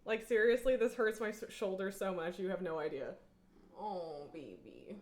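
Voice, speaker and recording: A woman's voice: medium pitch, fairly quick. A woman streaming a game from home, chatting casually, laughing often and cooing to her cat. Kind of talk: casual live-stream chat while gaming. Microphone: headphones on, desk setup.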